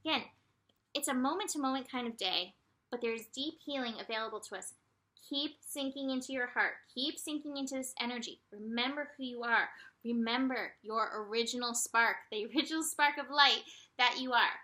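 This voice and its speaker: Bright-voiced woman giving a gentle forecast. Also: a little high, moderate pace. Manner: gentle, soothing, with bright animated asides; breaks into light laughs. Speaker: astrology and tarot reader. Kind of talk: casual spiritual forecast.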